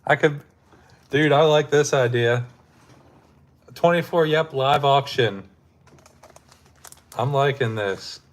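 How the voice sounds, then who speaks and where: A man's voice: medium pitch, slow, long pauses. A man hosting a casual live stream, laid-back and laughing often as he talks with his chat, his throat sore from hours of talking.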